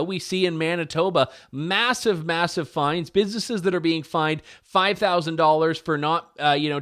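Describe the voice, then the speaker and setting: A man's voice: fairly high pitch, a bit bright. A man hosting a talk show, delivering opinionated political commentary in a sarcastic, incredulous tone. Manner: sarcastic and incredulous, quick to mock.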